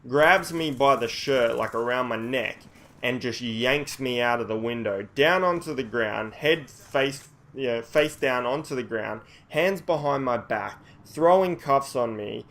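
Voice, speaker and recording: A man's voice: medium pitch, measured pace, fairly bright tone. Aussie guy rambling thru a story, swears a lot, restarts sentences, keeps it casual. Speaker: vlogger telling a story.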